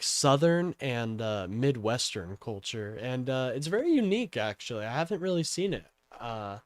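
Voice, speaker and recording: A man's voice: mid-range voice, no room sound, studio quality. A young man from Kansas hosting a casual political livestream, rambling with lots of fillers as he talks to his chat. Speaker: livestream host.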